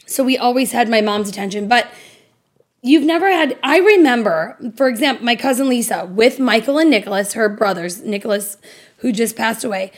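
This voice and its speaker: A woman's voice: on the high side, animated, fairly quick. A woman co-hosting a casual podcast chat, emotional and blunt, swearing freely as she talks. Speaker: podcast co-host.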